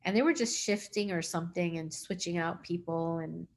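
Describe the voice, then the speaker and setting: A woman's voice: lowish voice, normal speed, slight background noise. A woman hosting an interview, telling her own story in a loose, rambling way with lots of fillers and acted-out quotes. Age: adult with a young daughter. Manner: rambling, heavy use of "like" and "um"; acts out quoted dialogue. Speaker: host sharing her own experience.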